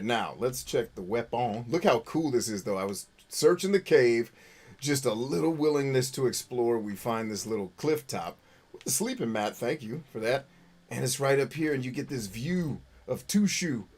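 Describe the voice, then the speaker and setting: A man's voice: mid-range voice, a little mellow. A man hosting a live game stream, chatting with viewers in a profane, joking, self-mocking way. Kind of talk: live gameplay commentary reading chat.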